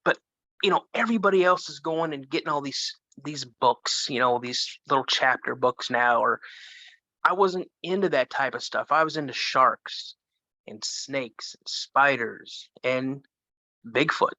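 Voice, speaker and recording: A man in his fifties, a guest telling a first-person story in an animated way, with frequent restarts. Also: mid-range voice, measured pace, no room sound. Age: 50s.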